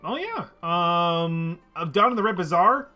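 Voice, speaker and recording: Male game master, bright, slightly high voice, halting narration. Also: expressive, faint music behind. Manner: halting, many fillers and restarts.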